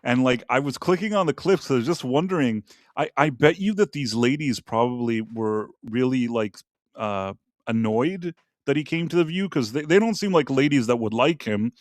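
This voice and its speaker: A man's voice: medium pitch, normal speed, no echo, studio quality. A man hosting a casual live-streamed talk show, giving blunt, opinionated takes with some profanity as he rambles from topic to topic. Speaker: podcast host.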